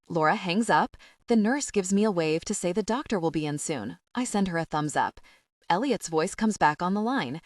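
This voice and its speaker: A woman narrating a first-person audiobook in an expressive, wry storytelling voice. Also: on the low side, moderate pace, no room sound, clean studio sound, distant mic.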